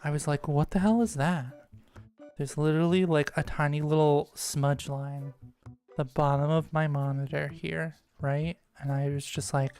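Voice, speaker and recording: A woman's voice: deep voice, flat delivery, moderate pace, a little mellow, clean tone, soft background music. A woman giving casual gameplay commentary, rambling and ranting with exasperated swearing. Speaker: gaming streamer.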